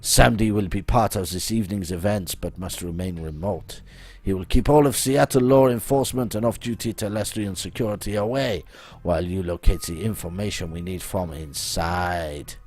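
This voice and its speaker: A man's voice: low-pitched, normal speed, a little mellow, voice pushed down. A man voicing a grand, scheming male hacker with a put-on French accent, who talks about himself in the third person.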